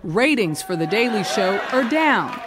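A woman correspondent narrating a news feature in a measured, polished reporter delivery. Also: mid-range voice, sing-song, a crowd in the background, background noise.

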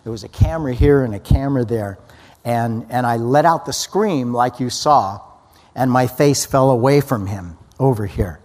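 A guest speaker shares an earnest personal testimony, telling his story in a medium-pitched, darkish voice at normal speed. He often restarts his sentences, and a long hall reverb hangs on the recording.

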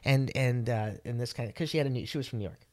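A man's voice: medium pitch, quick pace. A man co-hosting a podcast, telling a story in casual chat and acting out what people said. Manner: animated storyteller, acts out quotes. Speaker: podcast co-host.

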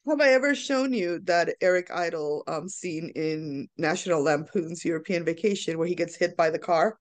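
A podcast co-host in their fifties in casual chat, an animated storyteller who quotes film scenes in put-on voices. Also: medium pitch, normal speed. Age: 50s.

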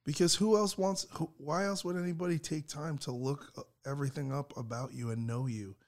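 A man's voice: fairly high pitch, fairly quick. A man hosting a podcast, telling rambling stories in a casual, profane way. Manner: profane, rambling, animated storytelling. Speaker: podcast host. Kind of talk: casual chat.

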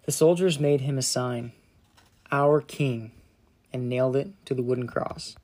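A man narrating a children's Bible story with gentle, dramatic storytelling that softens in solemn moments. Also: medium pitch, a little fast.

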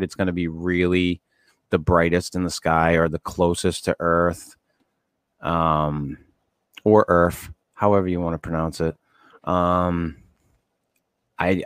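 A man with a low, deep voice talks loosely on a podcast, swearing and wandering off into tangents with a laugh. The sound is dry and close to the microphone. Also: no room sound. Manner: profane, rambling, laughing often. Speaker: podcast co-host. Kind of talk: casual chat.

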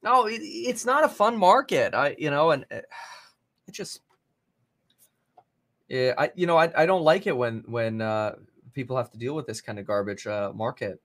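A man hosting a live stock market stream, giving casual running commentary with sudden excited outbursts. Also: medium pitch, normal speed, pauses often. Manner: casual, thinking aloud, bursts of excited exclamations. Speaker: stock market livestream host.

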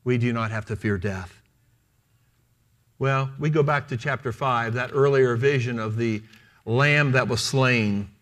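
A man's voice: mid-range voice, measured pace, a bit bright. A man preaching a sermon, emphatic and repeating key phrases for stress, retelling scripture in the first person as the apostle.

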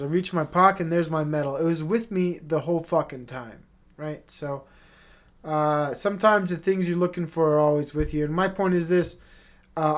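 Young guy rambling and swearing on his own podcast, kinda high voice, gets emotional. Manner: rambling, profane, emotional confessional. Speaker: podcast host. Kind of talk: casual solo monologue.

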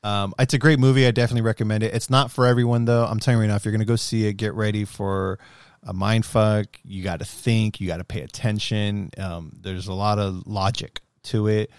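Profane man in casual chat, lowish voice. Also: fairly quick, clean tone, no room sound, clean studio sound. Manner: loud, profane, animated, voice jumps high when heated.

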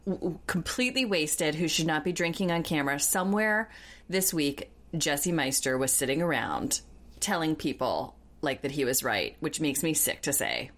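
A woman's voice: sits low, expressive, normal speed, fairly bright tone. A woman hosting a podcast, talking casually and bluntly about reality TV, swearing and sarcastic, and reading out a plug for the show. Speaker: podcast host. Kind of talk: casual recap chat.

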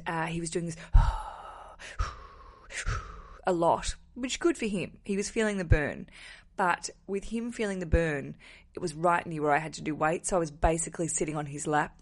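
A woman hosting a wedding podcast alone from a hotel room, talking casually with a slightly rough morning voice and a cheeky, self-mocking, rambling manner. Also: lowish voice, brisk. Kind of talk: casual solo podcast monologue. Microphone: wearing headphones.

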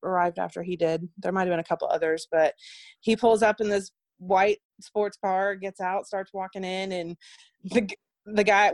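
A woman telling a personal story, animated and chatty, who jumps into the voices of the people she quotes. Her voice sits at a middle pitch and sounds close and dry, with no room around it. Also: no room sound. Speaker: guest; nurse. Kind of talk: casual storytelling.

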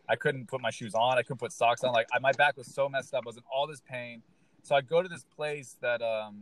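A man who works as a stand-up comedian, chatting casually and telling an animated story, swearing freely and acting out what people said. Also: medium pitch. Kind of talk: casual podcast chat.

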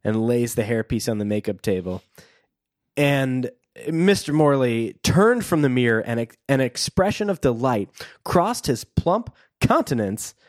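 Lively, wry man reading aloud. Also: medium pitch, measured pace, dry recording, clean studio sound. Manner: wry, reads passages aloud and riffs jokingly. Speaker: podcast co-host. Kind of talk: casual book-discussion chat, reading aloud.

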